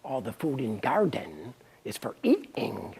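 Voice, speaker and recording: A woman voicing Puff, a sly tempting snake, in a coaxing, husky voice. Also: rumbling low, wildly swooping pitch, measured pace, dark tone, pitched below the performer's own voice, exaggerated voice.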